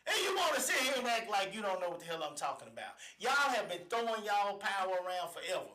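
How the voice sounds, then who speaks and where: A man hosting a live show, ranting and confronting people. His voice sits very high for a man and sounds sharp and bright. He is recorded in an echoey room with a faint hiss behind him. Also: expressive, quick pace. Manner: loud, confrontational, repeats phrases for emphasis. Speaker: host of a live online show. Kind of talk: fired-up live commentary rant.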